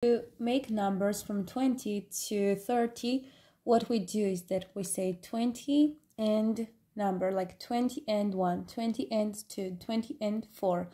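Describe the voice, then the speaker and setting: A woman's voice: medium pitch, takes it slowly, dark tone, reverberant, slight background noise. A woman giving an online language lesson, explaining patiently and stopping now and then with fillers. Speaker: language teacher.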